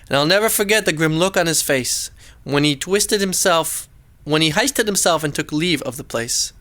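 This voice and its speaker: Man narrating a rhyming storybook, high bright voice, sing-song and dramatic. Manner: sing-song rhyming delivery, pitch swooping up and down.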